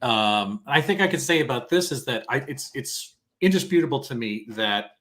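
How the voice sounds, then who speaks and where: A man talks as a guest in a casual film chat, animated and blunt, with swearing mixed in. His voice sits at an ordinary pitch. He sounds as if he is on a video call. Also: normal speed. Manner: animated, swears freely, acts out quoted lines. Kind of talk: casual film discussion on a livestream.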